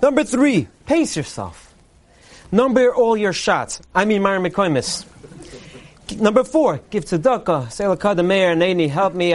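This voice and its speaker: A man delivering a parody Purim sermon, a mock-earnest preacher cadence and deadpan punchlines. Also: high voice. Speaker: comedian delivering a mock Purim Torah speech.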